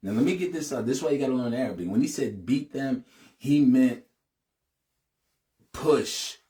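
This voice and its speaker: A man's voice: medium pitch, animated, normal speed, mellow. A middle-aged man hosting a heartfelt, casual talk to his audience. He keeps saying "man" and "you know what I'm saying", and his voice rises and speeds up when he urges his listeners. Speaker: channel host addressing his audience.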